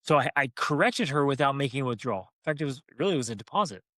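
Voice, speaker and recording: A man co-hosting a parenting talk, telling a family story in a lively, playful way. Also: medium pitch, very fast, no room sound, clean studio sound. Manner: animated, acts out family voices. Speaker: parenting podcast co-host. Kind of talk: casual storytelling.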